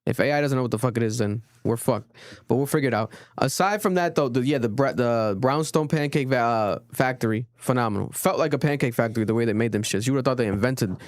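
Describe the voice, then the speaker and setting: A young man hosting a podcast in casual, rambling chat, swearing often and getting animated. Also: medium pitch, fast talker, dry recording, studio quality. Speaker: podcast host. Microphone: studio podcast mic.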